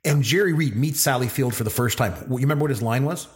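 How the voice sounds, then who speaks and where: A middle-aged man co-hosting a casual movie podcast, talking in an animated way and quoting lines in character. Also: medium pitch, fast, a little hiss or hum. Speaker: podcast co-host.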